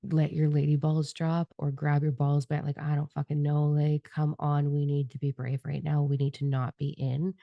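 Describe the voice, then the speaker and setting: A woman's voice: low voice, flat delivery, normal speed, gravelly, few pauses, warm tone, dry recording, dull audio. A woman giving a spiritual energy forecast with tarot cards in a passionate, rambling and profane monologue. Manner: fervent, profane and rambling, admits getting carried away.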